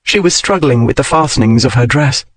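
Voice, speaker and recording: A man narrating an audiobook with an even, measured reading. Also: mid-range voice, dry recording. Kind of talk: scripted narration.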